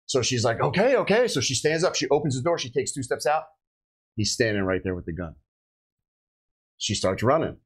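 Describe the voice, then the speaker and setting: A man's voice: mid-range voice, animated, normal speed, pauses often, husky, rough recording. A middle-aged man, a police officer, telling a story in a casual podcast chat and acting out the voices he quotes. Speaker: police officer recounting a shooting.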